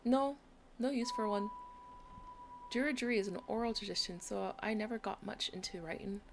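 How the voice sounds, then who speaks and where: Woman doing a gruff Irish mystic man. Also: high-pitched, steady tone, normal speed, a little hiss or hum. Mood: blunt.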